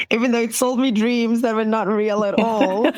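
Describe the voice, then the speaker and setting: A woman's voice: a little high, a little slow. A young woman doctor from South Africa, talking about her path in an interview, reflective and laughing often. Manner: warm, laughs often, animated quoting. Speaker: guest, medical doctor. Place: at home.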